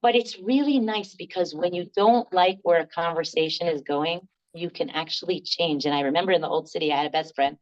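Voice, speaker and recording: An older woman leading a laughter workshop, telling lively stories, laughing often and acting out the voices of the people in them. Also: lowish voice, brisk, hardly any pauses, dull audio. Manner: animated, laughs often, acts out quoted voices. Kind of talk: storytelling workshop talk.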